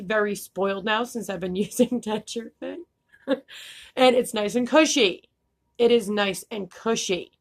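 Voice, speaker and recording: A woman's voice: mid-range voice, vocal fry, fairly bright tone. A young woman vlogging casually, candid and laughing, swearing freely, with a slight lisp. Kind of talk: casual vlog talk.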